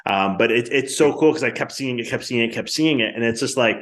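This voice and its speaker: Podcast host, male, brisk chatty storyteller who restarts sentences often. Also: medium pitch, a bit bright. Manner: rambling storytelling with many restarts. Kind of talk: casual conversational interview.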